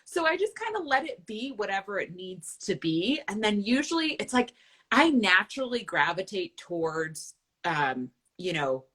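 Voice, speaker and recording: A woman's voice: medium pitch, very animated, normal speed, a bit bright, husky. A woman nutritionist hosting a casual chat, candid and chatty, often checking in with "right?". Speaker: nutritionist and host.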